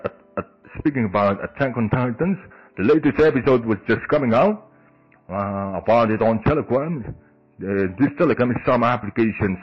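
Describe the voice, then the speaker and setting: Lower-pitched man, solo podcast host, halting delivery full of fillers and restarts. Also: highs cut off. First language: Indonesian.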